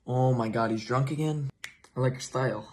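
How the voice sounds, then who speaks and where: A man's voice: medium pitch, fairly quick, darkish tone, pitched below the performer's own voice, close to an everyday voice. A man voicing a brash, boastful country personified, arguing over who is toughest. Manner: blustering, competitive, pushy.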